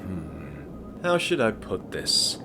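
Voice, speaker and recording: Dude putting on a cold ancient rich guy, slow and stern, bit of a twang, swings all over in pitch. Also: wildly swooping pitch, over music, exaggerated voice. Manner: stern, deliberate, slight twang. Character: ruthless ancient male billionaire ruler. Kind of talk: amateur voice acting monologue.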